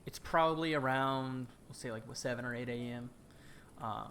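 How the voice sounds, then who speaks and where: A man narrating as game master of a tabletop fantasy game, halting and full of fillers and restarts. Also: medium pitch, fairly bright tone.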